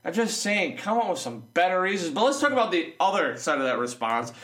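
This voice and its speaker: A man's voice: high voice, big pitch swings, brisk, a bit bright. A man ranting in a casual vlog, sarcastic and mocking, rambling with many restarts. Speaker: vlogger. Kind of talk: casual opinion rant. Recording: echoey room.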